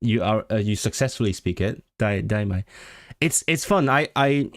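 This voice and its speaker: A man hosts a laid-back livestream, reading out viewer comments and trying to pronounce foreign words, often restarting and repeating himself. His voice is lowish and expressive, at a normal speed.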